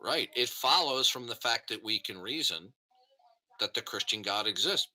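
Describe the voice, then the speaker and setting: A man's voice: lowish voice, animated, normal speed, bright, forceful tone, rough recording. A man in a debate played from a clip, insistently pressing his case and repeating questions over the other speaker. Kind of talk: argumentative call debate.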